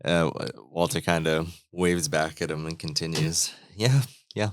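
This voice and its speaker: Low-voiced man, wry tabletop player. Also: completely flat delivery, unhurried, clear, resonant tone, no echo, clean studio sound. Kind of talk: playing a tabletop game character.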